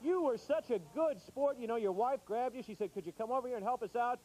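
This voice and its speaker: A man's voice: very high-pitched, quick pace, darkish tone, poor audio. A man hosting a game show in a TV studio with a live audience, chatty and coaxing with contestants.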